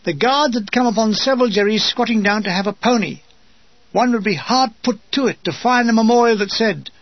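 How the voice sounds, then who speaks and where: Casting: older British narrator, wry and dry, high husky voice, dull dry lo-fi recording. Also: male voice, a little fast, dry recording. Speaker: memoir narrator. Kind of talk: reading a war memoir.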